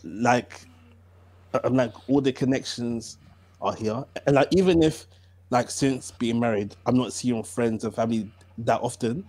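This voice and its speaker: A man's voice: mid-range voice, measured pace, a little mellow. A man, co-hosting a casual podcast chat in a joking, light way. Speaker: podcast co-host.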